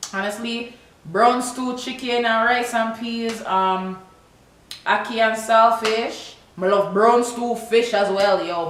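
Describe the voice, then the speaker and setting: Lively Jamaican woman in an echoey room. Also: mid-range voice, slight background noise. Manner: lively, mixes Patois into her talk, says "yo" often. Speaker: vlogger. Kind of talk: casual chat to camera. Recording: roomy echo.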